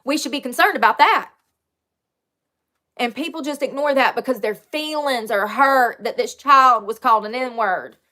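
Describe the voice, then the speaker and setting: Blunt, animated woman on a livestream. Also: sits high, normal speed. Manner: blunt, animated storytelling, laughs often. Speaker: livestream host. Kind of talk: casual livestream chat.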